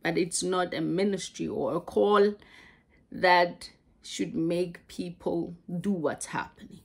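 A woman preaching a sermon, halting and repeating words as she goes. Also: lowish voice, steady tone, vocal fry, breathy edge.

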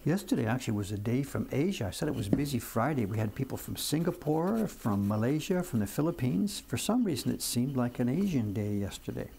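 Gravelly chatty older man. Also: medium pitch, animated, a little fast, few pauses, mellow, a little hiss or hum. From Canada. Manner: chatty storyteller, many restarts and "whatever". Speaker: printmaker streaming from his shop. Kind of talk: casual chat on a live stream. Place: print shop workbench.

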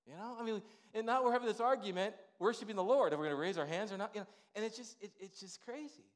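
Man, pastor, high voice, casual sermon, "you know" asides, church. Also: fast talker. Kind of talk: conversational sermon. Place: church sanctuary.

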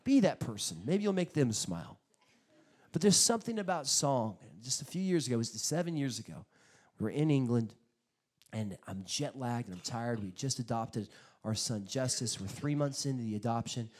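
A male pastor preaching a sermon, telling stories in an animated way, acting out quotes and bursting out loudly at times. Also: mid-range voice, moderate pace. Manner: animated storytelling with sudden loud bursts; acts out quotes in his stories.

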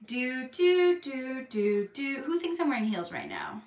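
A high-voiced woman, speaking a little slowly, hosts a live stream answering viewer questions. Her casual chat becomes earnest and preachy, animated when she gets excited. She's recorded from a distance, a bit off-mic, in an echoey room.

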